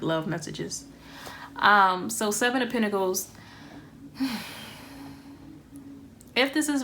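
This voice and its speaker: A woman giving a casual tarot reading, rambling and thinking aloud with frequent pauses and ums. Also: medium pitch, a bit bright, slight background noise. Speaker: tarot reader.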